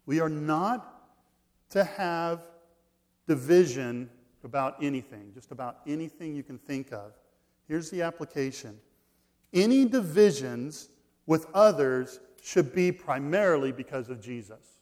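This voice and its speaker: A man preaching a sermon, reading scripture aloud and shifting between loud emphasis and quiet asides. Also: fairly high pitch, animated. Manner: reads scripture slowly, swings from loud stress to quiet asides. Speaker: pastor.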